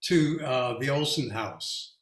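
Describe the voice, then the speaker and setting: Speaking at medium pitch with a bit of brightness, a male featured artist chats reflectively and casually with an audience. He often halts and starts his sentences over, and laughter creeps into his anecdotes. The sound is reverberant.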